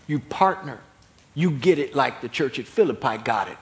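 A man preaching a sermon as pastor, building from calm teaching to loud, emphatic preaching. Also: medium pitch, normal speed.

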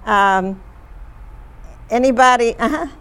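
Lady running a discussion group, kinda high voice, lots of uhs and ums while she tells the story. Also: a bit bright, clean tone. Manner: chatty, halting, with frequent fillers. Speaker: discussion leader. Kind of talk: retelling stories to a group.

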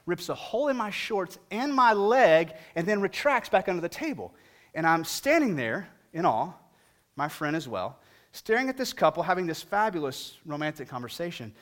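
A middle-aged male pastor preaching a sermon and telling a humorous story with animated delivery. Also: sits high.

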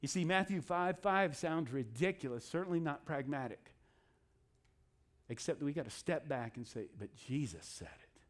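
A man who is a pastor, preaching a sermon in an animated way and acting out inner voices with asides. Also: fairly high pitch, moderate pace.

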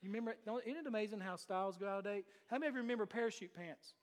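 A high-pitched man preaching to his congregation. He moves from booming statements to quiet, intimate asides and keeps asking the room questions. His voice rings with the long reverb of a big church hall. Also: racing. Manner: swings between loud declarations and hushed asides, with many rhetorical questions. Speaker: pastor. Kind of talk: sermon. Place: church sanctuary.

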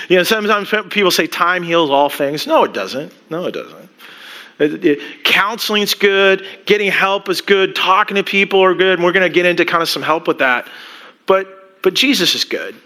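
A man preaching a sermon as pastor, talking in an animated, rambling way with many restarts and asides. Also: a little high.

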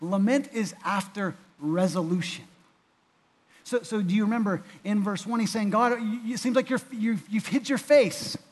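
A man preaching a sermon in an earnest way, often repeating words and restarting, and growing louder when he voices pleas. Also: normal speed. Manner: rises louder and higher when voicing the psalmist's pleas. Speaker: pastor.

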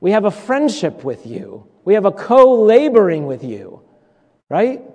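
High-voiced pastor in a reverberant church. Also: male voice, wildly swooping pitch, unhurried, darkish tone. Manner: conversational, humorous preaching with repetition and audience asides. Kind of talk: sermon. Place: church sanctuary.

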